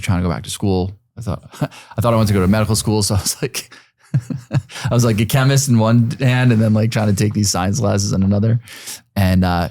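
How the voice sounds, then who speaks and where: A man in his forties talks as a podcast guest in a deep, low register. He rambles through his story with lots of fillers and the odd curse. The sound is close and dry, with no room echo. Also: a little mellow. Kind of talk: casual storytelling.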